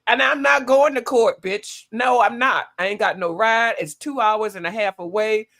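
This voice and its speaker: A woman's voice: a little high, moderate pace, a bit bright. A woman putting on a brash, profane older woman who plays innocent and curses a lot. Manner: drawling, cursing, mock-innocent.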